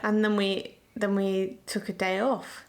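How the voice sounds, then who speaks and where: A woman co-hosting a casual chat show, teasing her partner and giggling between quick jokes. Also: medium pitch, flat delivery, a little mellow. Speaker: co-host.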